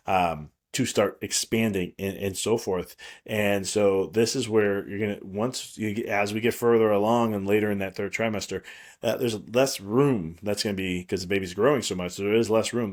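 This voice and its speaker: A man with a fairly low voice hosts his own podcast, speaking as a prenatal chiropractor. He talks loosely and reassuringly, often restarting his sentences and filling pauses as he goes. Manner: rambling, reassuring, frequent restarts and fillers. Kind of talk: solo podcast monologue.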